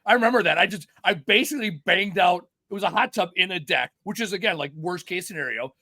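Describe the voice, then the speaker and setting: A middle-aged man talks fast and swears freely, hosting a casual podcast with rambling stories. His voice sits a bit high for a man. The sound is dry and close, with no room in it. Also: expressive, sharp tone, no echo. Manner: profane, rambling storyteller. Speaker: podcast host.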